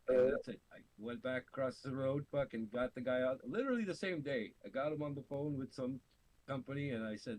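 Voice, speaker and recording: Profane, animated storytelling man. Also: medium pitch, fairly quick, rough recording. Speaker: podcast co-host. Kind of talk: casual storytelling chat. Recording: faint hiss.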